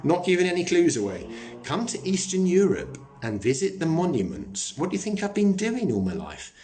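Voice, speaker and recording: A man's voice: sits high, very animated, normal speed, darkish tone. A man hosting a live stream, chatting casually, joking and swearing as he answers viewer comments.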